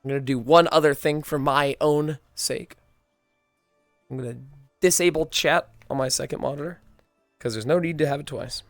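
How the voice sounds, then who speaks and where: A man streaming live, chatting casually and excitedly to his viewers before a roleplay. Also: fairly high pitch, dry recording, studio quality. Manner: excitable, loose and chatty with swearing. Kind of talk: casual livestream chat.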